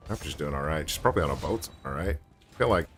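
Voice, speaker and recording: A man's voice: extremely low pitch, animated, quick pace, soft background music. A man streaming a game, chatting casually in a rambling way with joking asides. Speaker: gaming streamer. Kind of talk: casual chat while gaming.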